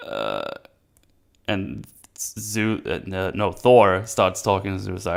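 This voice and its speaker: Low smooth-voiced young man, animated. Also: a little slow. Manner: animated, mocking character quotes. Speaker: podcast host. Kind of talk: casual movie review chat.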